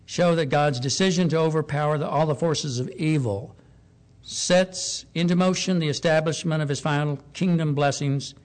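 A man preaching a sermon, measured and deliberate, slowing down and rising in pitch on key points. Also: darkish tone. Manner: measured, slows for emphasis, rises on key points.

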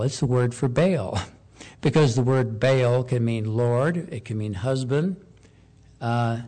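A man preaching a sermon, measured and deliberate, slowing down and rising in pitch on key points. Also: a little mellow. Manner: measured, slows for emphasis, rises on key points.

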